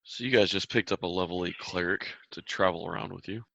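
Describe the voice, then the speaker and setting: Gravelly, deep-voiced male game master. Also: brisk, a bit bright, no echo. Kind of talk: narrating a tabletop game. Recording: dull lo-fi recording.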